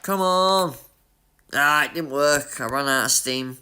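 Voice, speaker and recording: A man from Yorkshire, with a bright, forceful voice sitting a little high, commentates his racing game live. He is chatty and excitable and keeps talking to his viewers. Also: slow pace, clean tone. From Leeds, Yorkshire, England. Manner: excitable, chatty, talks to chat. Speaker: gaming streamer.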